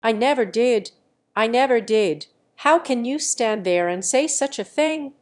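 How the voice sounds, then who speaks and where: A woman voicing a stubborn, money-clutching young wife in an audiobook, sharp and defiant. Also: on the high side, animated, a little slow. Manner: sharp and defiant, then mincing.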